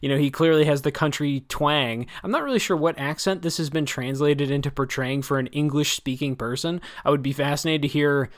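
A man's voice: on the high side, a little fast, hardly any pauses. A man co-hosting a casual book discussion, talking in long rambling stretches, correcting himself and wry. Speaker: book podcast co-host.

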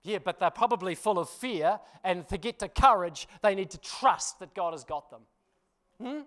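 A male pastor, preaching a sermon through animated, self-deprecating storytelling, often laughing and checking in with the congregation. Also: high-pitched, moderate pace. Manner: addresses congregation with frequent "you know" and "hmm?".

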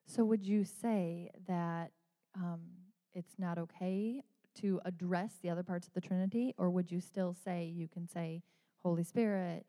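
A woman's voice: lowish voice, fairly even intonation, unhurried, mellow. A woman hesitantly asking a question from the audience, heard from a distance. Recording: distant with long hall reverb.

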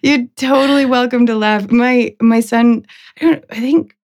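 A woman's voice: on the high side, fairly even intonation, a little slow, a little mellow. A woman hosting a podcast in casual conversation, talking reflectively, often laughing and checking in with "right?". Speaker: podcast host.

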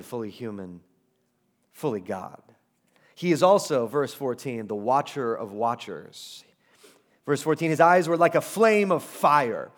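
Male pastor with a slightly high voice, preaching in a conversational, emphatic way with humorous asides. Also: a little mellow. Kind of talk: sermon.

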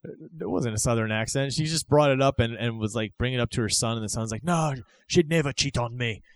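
A man's voice: medium pitch, fairly even intonation, quick pace. A man hosting a casual podcast, rambling and speculative, often asking if you follow him. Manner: rambling, speculative, keeps asking "you know what I mean". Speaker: podcast host. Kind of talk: casual chat.

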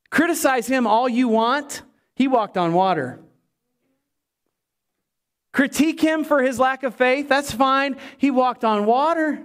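A man preaching a sermon as pastor, animated and voicing the people in the story as he goes. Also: very high-pitched. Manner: animated preaching, voices Bible characters.

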